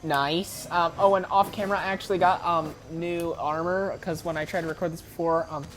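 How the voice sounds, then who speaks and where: A woman's voice: fairly low pitch, fairly even intonation, a little fast. An American woman giving casual, rambling gameplay commentary full of ums and restarts. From United States. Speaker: gaming YouTuber.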